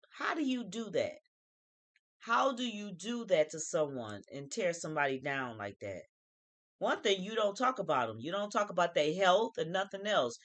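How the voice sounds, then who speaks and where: A woman hosting a casual reality TV commentary vlog, emphatic and repetitive, speaking with slang. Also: lowish voice. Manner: emphatic, repeats phrases, uses slang. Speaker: show host reviewing reality TV.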